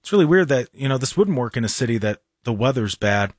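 A man from hosting a radio talk show, with an animated, exasperated manner and frequent restarts. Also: medium pitch, quick pace, dry recording, clean studio sound.

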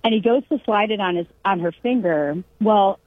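A woman's voice: medium pitch, normal speed, no echo. A middle-aged woman from California telling a long family story in casual chat, acting out the voices of the people in it and laughing along. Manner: lively storyteller who acts out quoted voices and laughs. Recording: dry, narrow phone-like radio sound.

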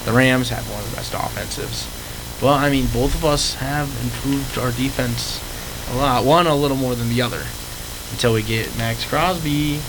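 A man chatting casually about sports, relaxed and rambling. His pitch sits in the middle. A faint hiss runs under his voice. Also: normal speed. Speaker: podcast co-host.

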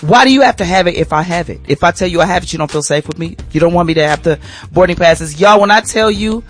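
A middle-aged woman with a lowish voice talks fast as she hosts a radio morning show, sharing a personal story in a casual testimony. She draws lively, preachy, sermon-like lessons from it and calls her listeners y'all.

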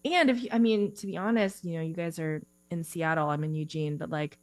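A woman with a fairly low voice talks casually and animatedly, giggling and filling her speech with "like" and "you know". The sound is dry and close, with a faint mains hum underneath. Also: brisk, dry recording. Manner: animated, giggly, filler-heavy. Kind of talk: casual interview chat.

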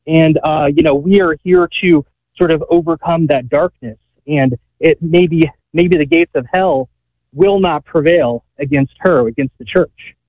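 A man's voice: fairly high pitch, unhurried, no room sound. A man calling in to a radio show, out of breath while working, asking his question earnestly with many fillers. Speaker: caller. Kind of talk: call-in radio talk. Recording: tinny phone line.

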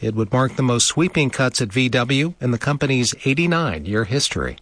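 A man reading a national news bulletin as a newscaster in a measured, even way from a studio. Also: mid-range voice.

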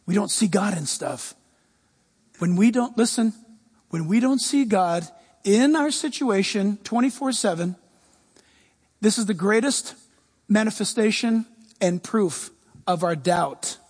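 A man's voice: high voice, expressive, slow pace, pauses often, breathy edge, no echo. A man preaching on a talk show, fervent and emphatic, repeating key lines.

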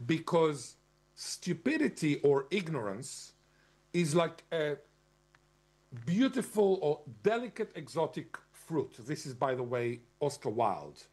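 Husky man giving a lecturing monologue. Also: a little high, sing-song, measured pace, a little mellow. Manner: argumentative, stresses key words, spells out terms. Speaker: commentator.

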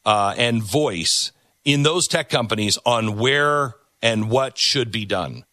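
A man's voice: medium pitch, bright, forceful tone, dry recording. Emphatic middle-aged male talk host. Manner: emphatic, repeats words for stress. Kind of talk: opinion commentary.

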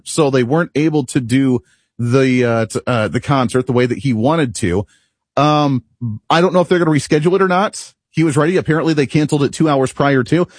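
A man's voice: mid-range voice, a little mellow, slightly rough, no echo. A man hosting a political talk radio show in the studio, speaking in an opinionated, brash and jokey way. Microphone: studio microphone.

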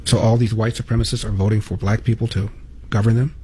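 A man's voice: fairly low pitch, little pitch movement, fast, warm tone, a little hiss or hum. A man hosting a political commentary monologue, with pointed rhetorical questions. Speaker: commentary host.

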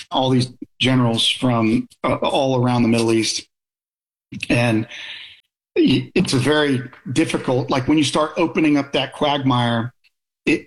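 A middle-aged man in a conversational interview, speaking at a moderate pitch. He is blunt and opinionated, and he tells stories from his military service in a plain, direct way. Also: poor audio. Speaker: guest, military officer.

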